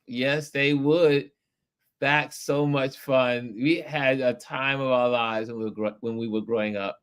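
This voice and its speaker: A middle-aged man hosting a livestream, reading viewer comments aloud in casual chat, animated and nostalgic and quick to laugh. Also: medium pitch, clear, resonant tone. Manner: laughs often, animated and nostalgic, stretches words.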